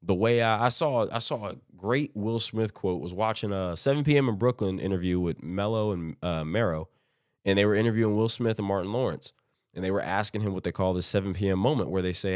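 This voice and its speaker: A man's voice: on the low side, a little fast, dry recording, studio quality. A man hosting a solo sports podcast, talking casually and rambling through his points, often restarting his sentences. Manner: rambling, conversational, restarts phrases; quotes imagined teams in offhand voices. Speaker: podcast host.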